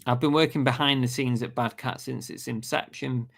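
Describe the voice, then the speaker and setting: A man's voice: medium pitch, fairly even intonation, normal speed, vocal fry. A British man hosts a casual live stream, reading viewer comments aloud and answering them in an easygoing, chatty way. His voice sounds a little worn, as he is losing it. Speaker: livestream host.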